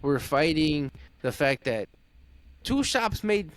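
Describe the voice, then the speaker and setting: Blunt, emphatic mechanic on a podcast. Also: male voice, a little high, very animated, takes it slowly, dry recording. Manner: blunt, emphatic storyteller with frequent restarts. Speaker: automotive diagnostic technician guest. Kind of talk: casual podcast conversation. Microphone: podcast microphone.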